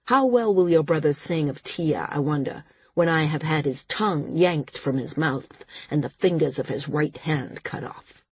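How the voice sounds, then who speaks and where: A woman voicing a cruel, volatile male ruler who sneers and threatens, breathy and low. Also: normal speed, few pauses, dry recording, lo-fi sound, heavily acted. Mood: menacing. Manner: menacing, sneering, prone to rage.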